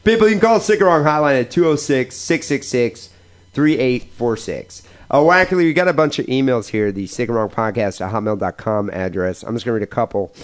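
A man's voice: medium pitch, lively intonation, fairly quick. A man from the United States co-hosting a podcast, trading crude jokes in casual chat. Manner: profane, jokey banter. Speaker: podcast co-host.

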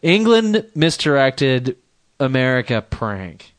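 A man's voice: mid-range voice, very animated, slow, no echo. Guy on a podcast reading crime news, rambles and jokes around, dry close sound. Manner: rambling, jokey, reads news aloud with asides. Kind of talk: casual chat.

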